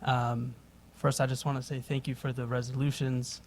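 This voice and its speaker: Man, polite hesitant testimony, flat voice, faint noise. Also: mid-range voice, moderate pace. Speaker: public witness. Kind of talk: testimony at a hearing.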